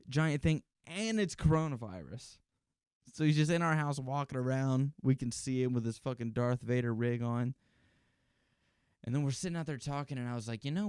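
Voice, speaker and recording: Brief: male podcast host, solo monologue, rambling and profane, smooth clear voice, dry close sound. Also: medium pitch, no echo.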